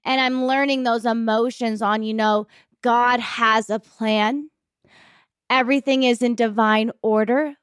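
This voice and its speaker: A woman in her thirties hosting a podcast, talking openly and reflectively about her own life, sometimes rushing and sometimes slowing down. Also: a little high, no echo, clean studio sound. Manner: open, reflective, speeds up and slows down. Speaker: podcast host. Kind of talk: candid personal talk.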